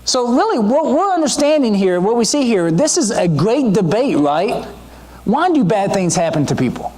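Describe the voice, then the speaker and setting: A man preaching a sermon in a conversational, animated way, often checking in with his listeners. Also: high voice, moderate pace. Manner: conversational, asks the audience questions; animated teaching delivery with frequent asides.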